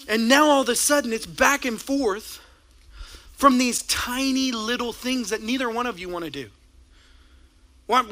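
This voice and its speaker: A man preaches in a high, bright voice. He is animated and plays out both sides of a couple's everyday squabbles. His delivery is keen and lively throughout. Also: measured pace, long pauses. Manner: animated, acts out both sides of a couple's quarrel, laughs along. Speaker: pastor. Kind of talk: sermon with acted-out stories.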